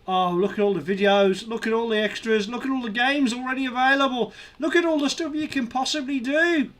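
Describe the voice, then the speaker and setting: A man hosting a live stream, excitedly counting up backer totals and cheering milestones. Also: very high voice, fairly quick. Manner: excitable, counting numbers aloud, shouting at milestones.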